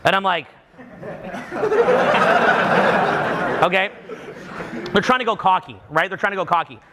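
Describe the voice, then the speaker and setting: A Canadian man gives a live seminar talk to an audience, speaking fast in a high-pitched voice against background noise. He's animated, acts out what people say, and frequently restarts his sentences.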